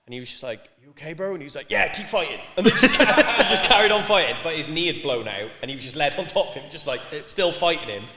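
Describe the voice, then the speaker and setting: A man from Wales co-hosting a casual podcast, telling sweary, animated stories. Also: a little high, quick pace, hardly any pauses, over a noisy crowd. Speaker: podcast co-host. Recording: echoey room with long reverb.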